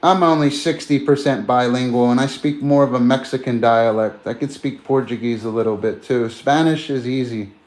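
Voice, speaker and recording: A streamer greets his viewers and chats straight to them in a loose, wandering way, sprinkling in "man" and "bro." His medium-pitched voice has a darkish tone and a moderate pace with few pauses.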